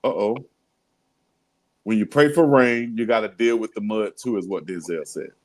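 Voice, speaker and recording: Co-host: easygoing man, lowish voice, relaxed storyteller. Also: low-quality recording. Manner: laid-back storytelling, quick laughs. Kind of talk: casual sports talk show.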